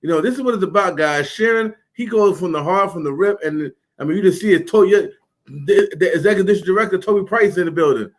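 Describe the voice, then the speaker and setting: A man's voice: high voice, brisk. A man hosting a livestream over a video call, hyping up the guests with repeated calls to listen. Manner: repetitive, hyped-up calls to listen. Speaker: livestream host. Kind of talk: hype host banter.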